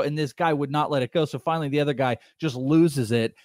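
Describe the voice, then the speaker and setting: A man co-hosting a sports radio show, telling stories in a rambling, animated way with lots of restarts. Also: a little high, fast talker, few pauses, no echo, clean studio sound. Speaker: podcast co-host. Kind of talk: casual sports radio chat. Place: radio studio.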